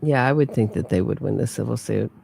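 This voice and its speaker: A woman's voice: a bass voice, expressive, fairly quick, gravelly, mellow, dry recording. A woman hosting a true crime livestream, chatting casually and answering her viewers. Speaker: true crime podcast host.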